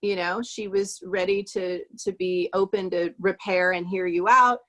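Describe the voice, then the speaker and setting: A woman's voice: on the low side, fairly even intonation. A woman guest in a casual conversation who affirms the others and praises what they say. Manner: warm, affirming, quick to praise.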